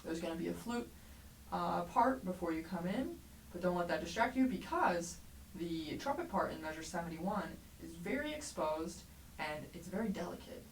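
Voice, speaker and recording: Woman, trumpet teacher, encouraging, clear explanations, echoey room, set back from the mic. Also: lowish voice, animated, moderate pace. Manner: clear, encouraging, explanatory, sings rhythms aloud. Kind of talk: music lesson tutorial. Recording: roomy echo, mic at a distance, faint background noise.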